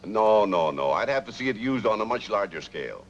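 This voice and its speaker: An actor playing a cautious, officious school board man who talks in a measured way, in 1940s film acting. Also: lowish voice, very animated. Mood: surprised. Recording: muffled old film sound.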